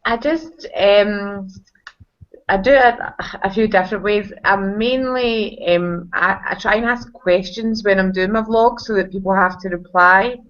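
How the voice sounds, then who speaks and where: A woman's voice: medium pitch, unhurried, a bit bright, dull audio. A woman vlogger chatting casually, a bit self-deprecating. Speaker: guest vlogger. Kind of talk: casual chat.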